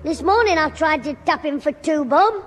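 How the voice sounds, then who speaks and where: A man's voice: very high voice, moderate pace, in a large hall, slight background noise. A man voicing a cheeky, cash-strapped schoolboy who wisecracks in a 1960s radio sitcom.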